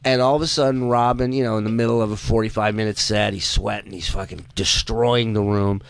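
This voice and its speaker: A man hosting a radio show, telling a story in a loose, profane, animated way. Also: lowish voice, a little fast, creaky, clear, resonant tone, no echo. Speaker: radio host. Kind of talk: casual radio chat and storytelling.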